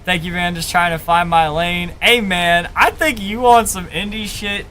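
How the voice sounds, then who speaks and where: Bright high-voiced hyped male streamer. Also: normal speed, a little hiss or hum. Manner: hyped, profane, repeats "bro" and "man". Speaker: streamer reviewing listener music. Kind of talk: casual live-stream reaction.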